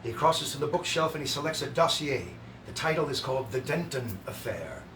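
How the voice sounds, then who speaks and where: A man hosting a live show, reading a stage script aloud with relaxed, offhand asides. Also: mid-range voice, a little fast, slight background noise. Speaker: host reading a musical's script. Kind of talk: casual script read-aloud. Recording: echoey room, distant mic, guitar.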